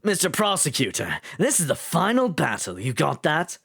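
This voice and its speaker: A woman voicing a gruff, blunt young male investigator from a video game, speaking in a curt, clipped way. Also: lowish voice, big pitch swings, brisk, fairly bright tone, no echo, clean studio sound.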